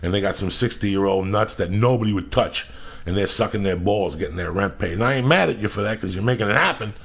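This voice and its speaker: A male podcast host telling a profane, blunt, animated story. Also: lowish voice, fast talker, gravelly, husky.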